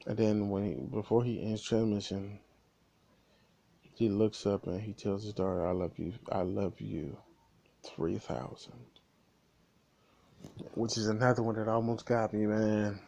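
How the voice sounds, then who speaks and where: Mellow-voiced man recapping a movie. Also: on the low side. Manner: animated retelling, frequent restarts and repeated words. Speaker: movie reviewer. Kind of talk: casual spoiler recap.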